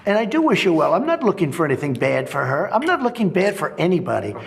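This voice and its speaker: A man's voice: on the high side, wildly swooping pitch, quick pace, creaky. A man in his seventies answering interview questions in a rambling, repetitive, defensive way. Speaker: interviewed politician.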